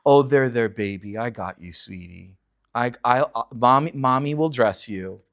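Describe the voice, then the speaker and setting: A man voicing a doting mother who coddles her grown son in soft, cooing baby talk. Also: mid-range voice, a little slow, pitched below the performer's own voice.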